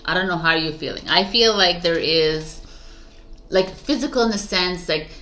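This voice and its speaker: A woman tarot reader with a lowish, sharp-toned voice chats casually to camera about spiritual topics. She rambles, uses lots of fillers, and keeps talking to herself in asides.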